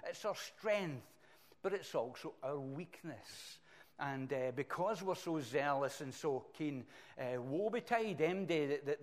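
Animated Scottish preacher man. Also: medium pitch. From Scotland. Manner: animated, emphatic, swings between loud bursts and quiet asides. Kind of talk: sermon.

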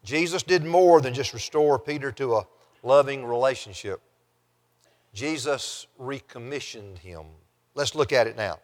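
A man's voice: mid-range voice, a little slow, in a large hall. A man preaching a sermon as pastor, reading scripture aloud and then stressing key phrases as he teaches.

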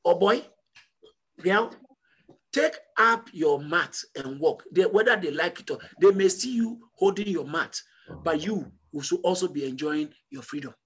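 A man preaching a sermon as pastor, emphatic and repetitive, building to loud call-and-response peaks. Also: high-pitched, expressive, measured pace, slightly rough.

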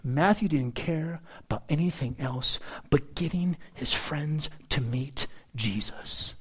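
A male pastor preaching a sermon, with animated delivery and joking asides to the congregation. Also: on the high side, slow, breathy edge.

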